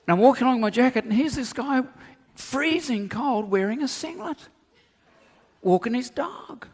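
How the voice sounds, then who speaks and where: This pastor's voice is very high and husky, moving at a moderate pace through his sermon. With lively energy he spins comic tales and voices the people in them, all echoing in a long hall reverb.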